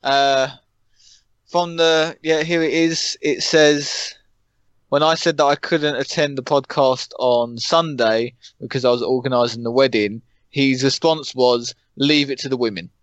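A young man co-hosting a podcast, chatting casually in a flat, monotone way. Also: mid-range voice, a little slow, smooth, no echo, muffled recording. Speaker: podcast co-host. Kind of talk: casual chat.

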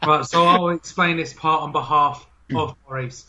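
A man's voice: on the high side, steady tone, normal speed, pushed and bright, dull audio, slight background noise. A man hosting a comedy gaming podcast in a teasing, mock-formal way, often laughing. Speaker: podcast host.

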